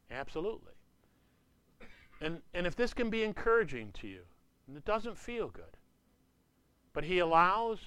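A man's voice: a little high, a bit bright. Man in his sixties preaching a casual sermon. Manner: conversational, repeats "you know" often. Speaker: pastor.

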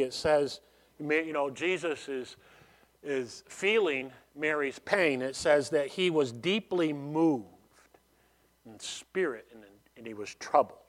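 A pastor with a somewhat high, slightly bright voice preaches conversationally. While explaining a passage, he frequently restarts phrases and tosses in "you know."

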